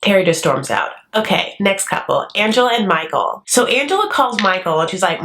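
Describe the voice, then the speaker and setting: A woman's voice: medium pitch, big pitch swings, a little fast, hardly any pauses, fairly bright tone. A woman from the United States hosting a reality TV recap in casual, sarcastic commentary. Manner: sarcastic, chatty, does mocking voices for the cast.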